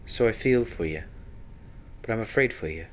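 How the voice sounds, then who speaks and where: A prickly young rogue woman from a fantasy role-playing game, quick to take offense, as a man reads her lines. She caps her sentences with echoing tags, the voice low with faint noise behind. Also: lively intonation, natural voice. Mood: defensive.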